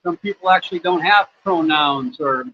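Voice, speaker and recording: In a fairly high, slightly rough voice with a bright, forceful tone, an American man answers viewer questions at normal speed. He is livestreaming casually from his home in Cambodia, rambling and laid-back with lots of fillers. The recording is slightly dull, with faint background noise.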